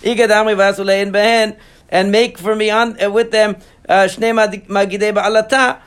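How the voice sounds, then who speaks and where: A man teaching in a casual study session, reading Aramaic passages aloud and then translating and explaining them in a halting way, with many fillers and restarts. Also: high voice, level tone, clear, resonant tone. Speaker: Talmud teacher.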